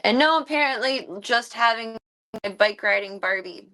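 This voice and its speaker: A young woman streaming from home, chatting casually and baby-talking her cat, often dropping to a soft, hushed voice. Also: on the high side, moderate pace. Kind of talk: casual livestream chat.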